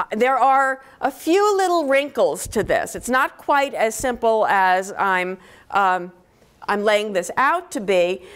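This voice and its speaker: A woman professor giving a university lecture on linguistics, explaining step by step and often checking in with "okay?" between points. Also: medium pitch. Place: lecture hall.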